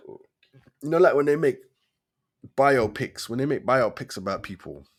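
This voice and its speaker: A man's voice: mid-range voice, expressive, normal speed. A man, hosting a casual solo commentary show, firing off rhetorical questions in street slang. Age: 40s. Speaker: host of a debate show.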